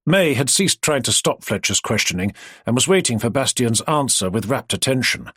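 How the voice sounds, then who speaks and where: A man narrating an audiobook in an expressive storytelling manner. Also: medium pitch, moderate pace, husky, dry recording, studio quality. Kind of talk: scripted narration.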